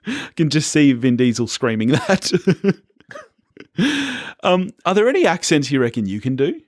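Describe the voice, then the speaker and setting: Australian man, podcast co-host, lively up-and-down voice, dry close sound, laughs a lot, casual film chat. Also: medium pitch, unhurried, dry recording. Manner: chatty, laughs often, animated.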